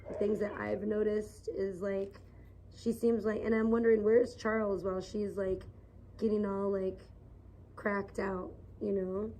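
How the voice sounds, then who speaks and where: A woman's voice: mid-range voice, level tone, measured pace, mellow, slight background noise, poor audio. A woman livestreaming outdoors in the sun, rambling and gossiping in a casual, filler-heavy way.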